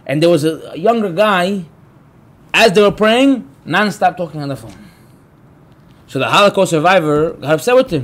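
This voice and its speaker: A man's voice: high voice, moderate pace, pauses often. A man, a rabbi, giving a Torah class to a live group, telling stories with energy, acting out quotes and asking the room questions. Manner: animated storyteller, acts out quotes; talks to the room, asks the listeners.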